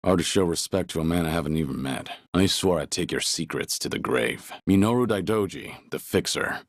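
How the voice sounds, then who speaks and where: Kazuma Kiryu, gruff and stoic. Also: male voice, sits low, brisk, dry recording, studio quality. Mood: weary. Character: stoic gruff ex-yakuza man, middle-aged. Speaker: game character voice clips. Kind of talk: video game voice lines.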